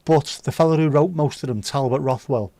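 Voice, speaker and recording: A man's voice: a little high, brisk, warm tone, no room sound. A man hosting a livestream, reading viewer comments aloud with sweary, jokey banter. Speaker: livestream host. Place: indoors.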